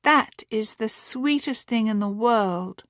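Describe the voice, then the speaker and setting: A woman's voice: a little high, takes it slowly, dry recording, clean studio sound. A woman voicing a playful, teasing young woman who reads her sister's letter with theatrical flair.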